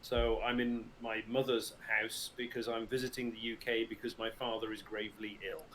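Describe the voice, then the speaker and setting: A middle-aged Englishman with a British Received Pronunciation accent guests as a voice actor on a casual livestream interview from his mother's house, joking and laughing easily. His voice sits on the low side, fairly bright, with a flat delivery at normal speed and a little hiss or hum.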